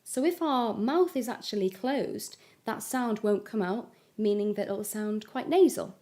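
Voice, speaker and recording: A woman giving a singing lesson, explaining vowel shapes step by step and demonstrating high notes. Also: unhurried, warm tone. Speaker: singing teacher. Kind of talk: vocal lesson with sung examples.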